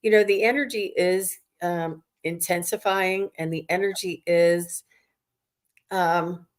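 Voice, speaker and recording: A woman with a slightly low voice hosts a live chat over a video call. She talks casually and enthusiastically and keeps greeting her viewers. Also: steady tone, slow pace. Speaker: psychic medium host.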